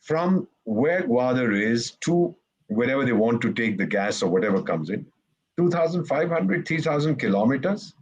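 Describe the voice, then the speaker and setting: A man from India with a mid-range, sing-song voice that is a little mellow and breathy speaks at a moderate pace, captured with lo-fi sound. As a retired ambassador on a discussion panel, he tells sarcastic stories and acts out quoted remarks in lively, joking talk.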